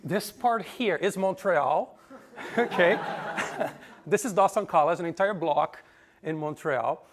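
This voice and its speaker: A man from Brazil, giving a relaxed, joking conference presentation. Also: sits high, takes it slowly, noisy background. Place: conference room.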